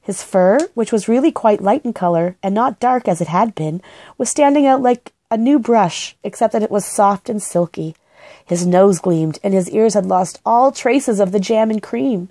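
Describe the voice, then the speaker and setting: A woman gently and expressively reading a children's book aloud. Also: medium pitch, normal speed, dry recording. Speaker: storybook reader.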